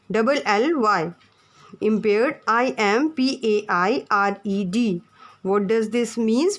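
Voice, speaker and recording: A woman teacher, explaining words to young pupils and spelling them out letter by letter. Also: fairly high pitch. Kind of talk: online class lesson.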